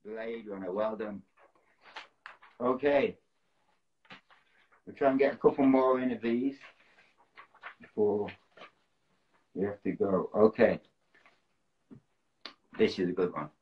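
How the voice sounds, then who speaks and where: A man's voice: lowish voice, takes it slowly, long pauses, breathy edge. A man hosting a casual live stream, acting out film titles and reading out viewers' guesses as they come in. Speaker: host of an Instagram live stream. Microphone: phone. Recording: lo-fi phone live stream audio.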